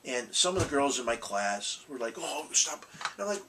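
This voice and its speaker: A man's voice: medium pitch, sing-song, fairly quick, fairly bright tone, distant mic, slight background noise, poor audio. A man hosting a collectibles vlog, talking bluntly and rambling, with frequent restarts and mild cursing. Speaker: collectibles channel host. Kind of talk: casual rambling vlog talk.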